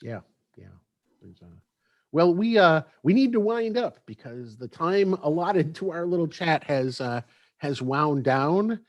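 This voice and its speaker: A man's voice: fairly high pitch, lively intonation, no echo, highs cut off. A man moderates a panel from a dry, close-sounding spot on a video call. He halts often and stretches out his uhs, and he drops in joking asides. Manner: halting, drawn-out fillers, joking asides. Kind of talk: convention panel discussion.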